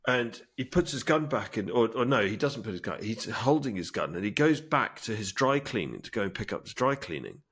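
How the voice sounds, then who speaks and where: A man's voice: on the low side, expressive, fairly quick, few pauses, a bit bright, slightly rough. A man chatting casually as a podcast co-host, eagerly retelling a movie scene in detail. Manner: enthusiastic storytelling, acts out film lines. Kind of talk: casual chat.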